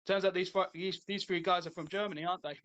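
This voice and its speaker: A man's voice: high voice, fairly even intonation, fast talker, a bit bright, dull audio. A man, hosting a podcast in casual chat, rambling through a retold comedy routine with lots of fillers and restarts. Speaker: podcast host.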